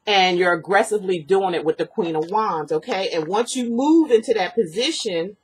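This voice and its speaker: A woman giving a personal tarot reading. She rambles earnestly, repeats herself, fills pauses with ums, and sniffles from allergies. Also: mid-range voice, animated, slight background noise. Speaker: tarot reader.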